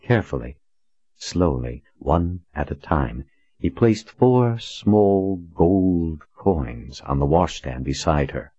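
Very deep-voiced male audiobook narrator. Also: a little mellow, slightly rough, no room sound, dull audio. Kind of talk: scripted narration.

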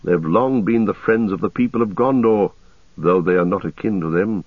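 A weary but steady ranger leader, as a male reader voices him, low, calm and measured, grave in every word. Heard thin and tinny through a dry, phone-like radio sound. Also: husky, dry recording.

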